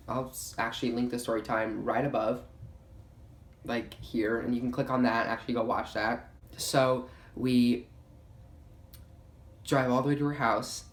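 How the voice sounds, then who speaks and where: A young adult vlogger rambles through a storytime, leaning hard on "like" and swearing casually. The voice sits at a middling pitch, and the room adds a noticeable echo. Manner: chatty, heavy on "like" fillers, swears freely. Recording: roomy echo.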